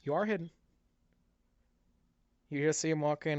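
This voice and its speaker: A man's voice: fairly high pitch, a little fast, a little mellow, smooth, no room sound, muffled recording. A man narrating a tabletop game as game master, telling the story with frequent restarts.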